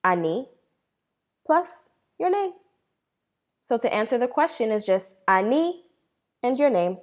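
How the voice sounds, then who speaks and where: A woman teaching a beginner Hebrew lesson, asking questions, pausing, then answering them herself with praise and slowing down to model each word. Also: a little high, animated. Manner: slows down to model words.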